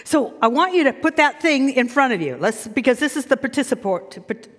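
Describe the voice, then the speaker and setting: A woman minister delivers a sermon in a high, bright voice that swoops up and down with enthusiasm. She coaxes her listeners to repeat lines back to her. Her voice rings out with a long reverb in a large hall. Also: a little fast. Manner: animated, coaxing the congregation to repeat after her.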